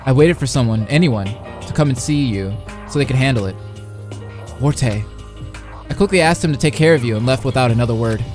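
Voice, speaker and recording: A young man reads a visual novel aloud on a live stream. His voice sits at a middling pitch, and he talks playfully with his chat between passages. Faint music plays behind him. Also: fairly quick, a little mellow. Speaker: streamer and commentator.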